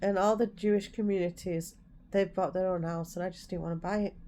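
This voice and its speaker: A woman shares her story in a candid personal vlog. Her voice sits low for a woman and sounds warm and soft rather than bright. She talks frankly and earnestly, and sometimes heats up as she recalls her own words. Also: steady tone, a little fast, a little hiss or hum. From Yorkshire, England. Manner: frank and heartfelt, retelling her own past words with heat. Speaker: vlogger.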